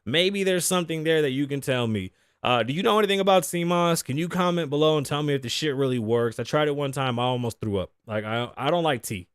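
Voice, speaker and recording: A man's voice: fairly high pitch, fast, hardly any pauses, clear, resonant tone, dry recording, clean studio sound. A man in his thirties hosting a casual solo talk show, cursing freely, joking, laughing often and dropping in Spanish phrases. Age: 30s. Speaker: podcast host.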